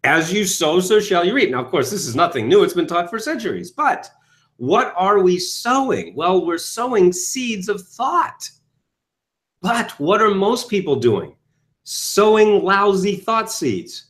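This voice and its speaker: A man, a self-help author, telling his story in an interview with lively acted-out quotes. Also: sits high, a little slow. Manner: enthusiastic, quotes himself and audiences in lively asides.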